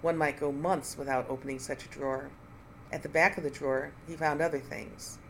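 An even, mid-pitched audiobook narrator. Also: a little fast, a little hiss or hum, rough recording. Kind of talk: scripted first-person mystery narration.

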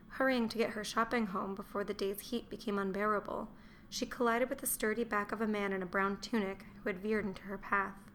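A woman reading a historical novel aloud, measured and dry. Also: mid-range voice, a bit bright, a little hiss or hum. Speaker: narrator. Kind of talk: audiobook narration.

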